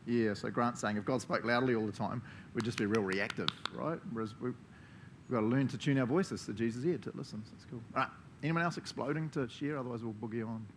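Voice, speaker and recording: A playful man preaching in a relaxed, chatty way, cracking jokes and calling on his listeners. His voice sits at an ordinary middle pitch over a faint low rumble. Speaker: pastor. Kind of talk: casual interactive sermon.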